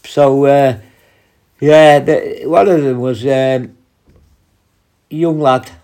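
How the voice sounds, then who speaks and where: A man's voice: mid-range voice, steady tone, slow pace, warm tone. A man, a prison officer, casually telling blunt, profanity-laced stories and acting out his own retorts. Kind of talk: casual anecdote storytelling.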